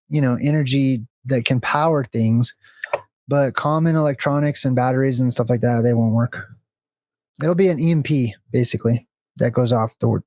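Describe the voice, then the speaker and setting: A man's voice: mid-range voice, a little mellow, dry recording. A man chatting casually during a gameplay session over a voice call, thinking aloud as he explains ideas. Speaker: co-host of a gaming video.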